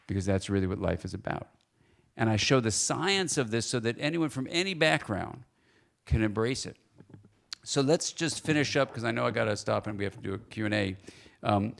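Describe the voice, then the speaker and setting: A man speaking as a guest lecturer at a church forum, lively and playful, often asking the audience questions. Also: on the low side, gravelly.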